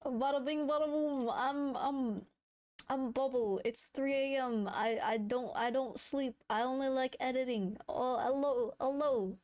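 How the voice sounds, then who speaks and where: A woman voicing a sleepless young male video editor, in a mock-cheerful deadpan manner. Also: high voice, unhurried.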